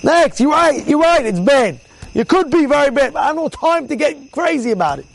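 A man teaching an informal Torah class as a rabbi, telling stories with lots of repetition and acting out the people in them loudly. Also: very high voice, a little fast, vocal fry, rough recording. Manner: animated storyteller, repeats words, acts out quotes loudly.

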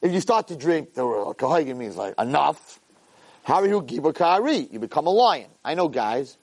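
Male rabbi teaching a Torah class, pitch on the higher side, very expressive, quotes Hebrew then explains. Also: normal speed. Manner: animated, reads Hebrew source lines then translates them. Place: room with a live audience.

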